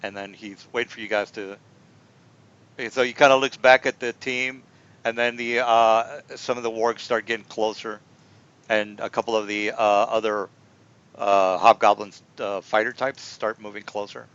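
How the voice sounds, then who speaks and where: A man's voice: fairly low pitch, steady tone, normal speed, fairly bright tone, clean tone. A man narrating a tabletop game as game master, rambling and repeating himself with many fillers. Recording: dull lo-fi recording.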